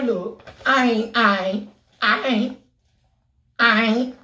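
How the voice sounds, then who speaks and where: A woman talking casually to her camera in a lively, animated way, swearing freely. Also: on the high side, takes it slowly. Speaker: vlogger. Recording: echoey room.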